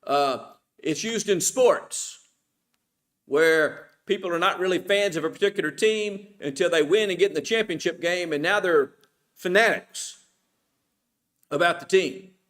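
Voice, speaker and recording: A middle-aged man with a fairly high voice leads a Bible study class at church. His teaching is informal and conversational, and he keeps asking the class questions that he then answers himself. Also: unhurried, a bit bright.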